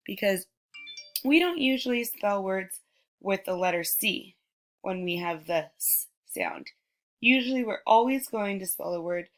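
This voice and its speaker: Slow, deliberate woman teaching children. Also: mid-range voice. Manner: sounds words out slowly, addresses children warmly. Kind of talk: slow, deliberate remote phonics lesson.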